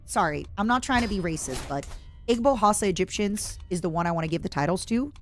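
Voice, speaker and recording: A woman streamer giving chatty, self-mocking commentary while playing a strategy game, now and then bursting into excited shouts. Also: mid-range voice, quick pace, faint music behind. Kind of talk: casual gameplay commentary.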